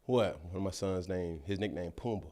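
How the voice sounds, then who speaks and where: A man in his thirties with a Southern American accent, hosting a podcast and telling a profane, animated story, laughing often. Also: low-pitched, a little fast. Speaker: podcast host. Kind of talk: casual storytelling.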